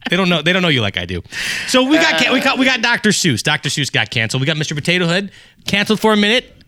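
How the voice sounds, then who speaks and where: A man's voice: sits high, huge pitch swings, sharp tone, no room sound. A man hosting a podcast in casual chat, joking and bantering with his co-host. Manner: joking, fast banter with laughs.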